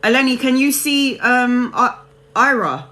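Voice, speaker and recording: A woman's voice: high-pitched, expressive, unhurried, sharp tone. A woman hosting a live tarot reading, chatting casually with viewers and calling them honey and babes.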